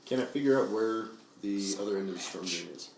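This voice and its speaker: A man's voice: on the low side, fairly quick. A man playing a tabletop game, asking plain, practical questions. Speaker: player. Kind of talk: casual tabletop play. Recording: echoey room from far off, crowd.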